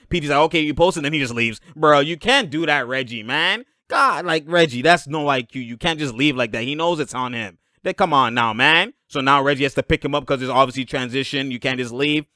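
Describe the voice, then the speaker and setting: Animated man breaking down game clips. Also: mid-range voice, brisk, few pauses, no echo, studio quality. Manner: animated, laughing, shouting at plays. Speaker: basketball video host.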